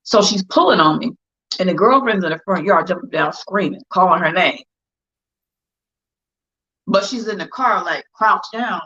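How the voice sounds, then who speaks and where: A woman's voice: fairly low pitch, lively intonation, moderate pace, pauses often, sharp tone, slightly rough. Blunt, profane woman telling a story. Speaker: guest. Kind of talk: casual storytelling chat. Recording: dull lo-fi livestream audio.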